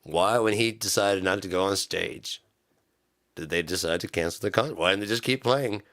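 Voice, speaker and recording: A man doing a comedic ranting gear review. He swears a lot and swings from low muttering to loud shouting. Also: moderate pace.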